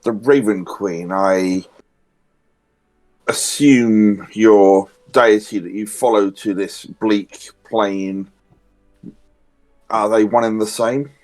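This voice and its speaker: A man playing a tabletop role-playing game, speaking in character, halting and polite. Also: fairly low pitch, fairly even intonation, a little mellow, low-quality recording. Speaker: player.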